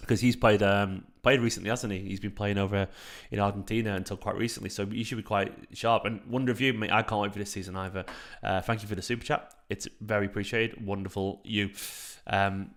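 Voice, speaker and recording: A man in his thirties hosting a late-night live stream from home into a microphone, talking in a hushed, half-whispered way, with a raspy voice. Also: lowish voice, fairly even intonation, fairly quick, few pauses. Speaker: fan channel host streaming a match watchalong. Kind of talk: casual live chat with viewers.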